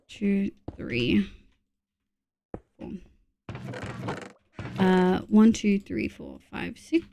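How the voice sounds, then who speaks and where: A woman's voice: mid-range voice, lively intonation, extremely slow, gravelly, pauses often, lo-fi sound, slight background noise. A woman from Australia streaming a game, counting items under her breath between chatty asides to her viewers. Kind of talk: casual gameplay chat with chat readers.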